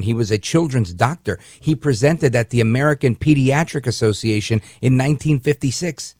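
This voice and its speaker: A man's voice: medium pitch, lively intonation, normal speed, hardly any pauses, a little mellow, no echo, studio quality. A man hosting a syndicated talk radio show, delivering an indignant, rambling monologue with frequent restarts. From Puerto Rican heritage, raised in the northern US.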